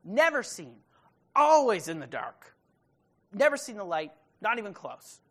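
A woman preaching a sermon, retelling a story in a casual, conversational way with quick asides to the listeners. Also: medium pitch, very animated.

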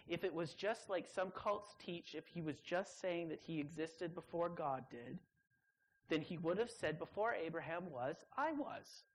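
A woman's voice: fairly low pitch, expressive, poor audio. Emphatic woman preaching a sermon. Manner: emphatic, drawn-out pauses on key words. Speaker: preacher at a student gathering.

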